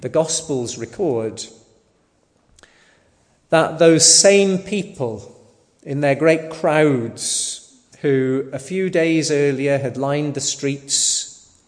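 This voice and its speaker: A man preaching a sermon in a slow, deliberate way, sometimes asking the listeners rhetorical questions. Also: fairly high pitch. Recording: long hall reverb.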